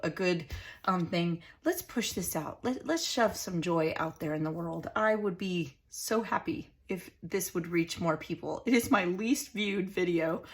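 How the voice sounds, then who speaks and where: Middle-aged lady rambling warmly at her craft table, talky and sincere. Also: mid-range voice. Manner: chatty, rambling, heartfelt. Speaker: craft channel host. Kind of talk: casual chat while crafting.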